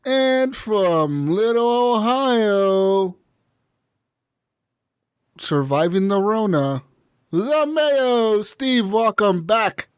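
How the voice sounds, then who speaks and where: A man hosting a gaming podcast with a fairly high voice in a dry, close recording. His talk is loose and jokey, with frequent laughs and casual swearing. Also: animated, extremely slow, long pauses, clean tone, dry recording. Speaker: podcast host.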